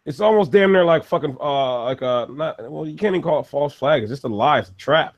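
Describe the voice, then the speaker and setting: A man's voice: a little high, lively intonation, brisk, highs cut off. A man from the United States who co-hosts a podcast, ranting profanely in casual chat and laughing often. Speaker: podcast co-host.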